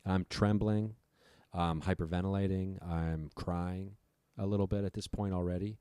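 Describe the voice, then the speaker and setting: A man's voice: low-pitched, fairly even intonation, normal speed, dark tone, smooth, no echo. A man guest on a podcast, retelling a story with lots of swearing. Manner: profane, breathless retelling.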